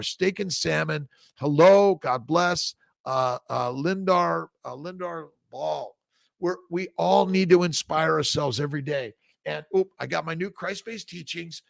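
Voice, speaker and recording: Middle-aged male doctor, gravelly, dry close sound; excitable, repetitive live-stream host. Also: on the high side, no echo. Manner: excitable, repetitive, salty language, frequent "right?". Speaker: fertility doctor hosting a live chat. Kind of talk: casual live-stream chat answering viewer questions.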